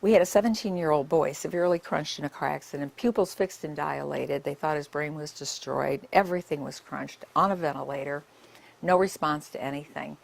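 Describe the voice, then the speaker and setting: A woman's voice: low voice, fairly quick, gravelly. An older woman, a nurse, giving a public talk and telling her stories in a conversational way with many asides.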